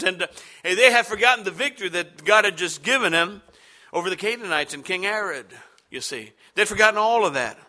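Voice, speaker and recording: A male pastor delivers a sermon in a high, very bright voice. He talks in a halting, conversational way, restarting phrases and filling gaps with "uh" and "you know". He turns to the congregation with questions as he goes. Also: lively intonation. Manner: halting, repeats words, many fillers, asks the congregation questions. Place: church sanctuary with congregation.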